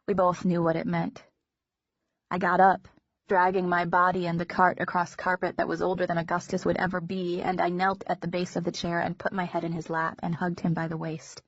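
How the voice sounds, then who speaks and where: A woman narrating an audiobook in a measured, intimate first-person reading. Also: lowish voice, completely flat delivery, breathy edge, dry recording. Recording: dull lo-fi recording.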